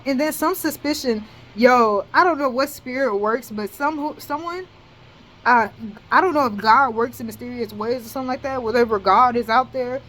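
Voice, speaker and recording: This is a storytime vlog from a young woman in college whose voice sits on the high side. She talks in a loose, slangy, animated way, cursing a lot and dropping "bro" and "dead ass" constantly. The audio quality is poor.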